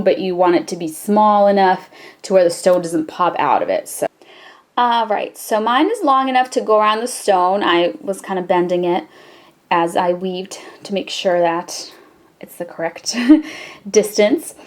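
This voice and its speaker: Slow-talking woman teaching wire wrapping. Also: medium pitch. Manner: relaxed, chatty, with frequent fillers. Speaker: jewelry-making tutorial host. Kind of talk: casual step-by-step craft tutorial.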